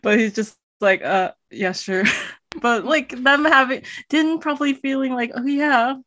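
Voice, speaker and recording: A woman's voice: sits high, measured pace, fairly bright tone. A woman in casual fan chat, giggly and full of fillers as she retells scenes. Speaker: podcast co-host.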